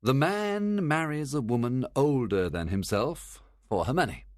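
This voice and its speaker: Brief: assured detective for an audiobook, measured, lively intonation, dry close sound, a man doing the voice. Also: medium pitch, no room sound, pitched above the performer's own voice, close to an everyday voice. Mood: explaining. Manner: measured, quietly assured explaining. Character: calm, confident older male detective. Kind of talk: audiobook reading.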